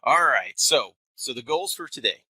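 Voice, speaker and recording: In an office building, a wealth manager in his thirties hosts a live webinar, his faint Texan twang coming through as he talks conversationally and enunciates carefully. His medium-pitched voice is expressive, husky, and sharp, at a normal speed. The recording is low-quality with no echo.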